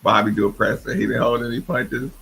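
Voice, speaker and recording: A man hosting a sports talk show, emphatic and animated, often imitating others. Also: medium pitch, a little fast, vocal fry, poor audio. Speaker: host.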